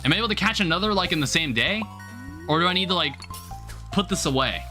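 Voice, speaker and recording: A young man talks casually on a live stream as he games, rambling and thinking aloud with constant filler words. His voice sits a bit high, very bright and lively, and it swings up and down a lot. Quiet game music plays in the background. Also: quick pace. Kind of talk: casual live-stream chat while gaming. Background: faint game music.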